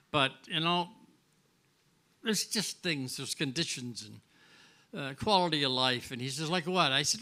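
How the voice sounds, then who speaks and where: A man's voice: fairly high pitch, a little slow. An older man from Canada, a former hockey player, telling rambling anecdotes as a guest and acting out the dialogue. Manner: rambling, animated, acts out dialogue. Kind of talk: casual anecdotal storytelling. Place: restaurant, live show.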